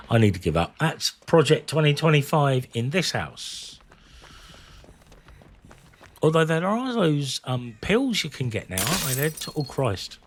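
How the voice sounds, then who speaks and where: Casual streamer in his forties, slightly low voice, rambling, candid chat. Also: expressive, moderate pace, a little hiss or hum. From England. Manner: rambling, candid, swears freely. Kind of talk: casual chat while gaming.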